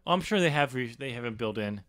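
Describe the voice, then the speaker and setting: A man's voice: medium pitch, fairly quick, dry recording. Easygoing man, dry close voice. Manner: relaxed, explains at length, laughs easily. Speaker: podcast co-host. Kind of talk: casual chat.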